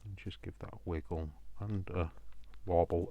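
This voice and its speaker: A man's voice: low voice, steady tone, moderate pace, no echo, dull audio. A man hosting a crafting video, rambling and joking at his own expense while he works, often talking to himself. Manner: rambling, self-mocking, talks to himself. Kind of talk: casual crafting chat while working.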